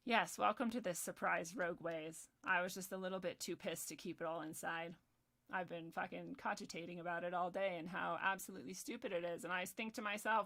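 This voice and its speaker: A woman's voice: medium pitch, fairly quick, bright, forceful tone. A woman hosting a livestream, ranting in a heated, profane and sarcastic way, reading the chat now and then. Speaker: livestream host.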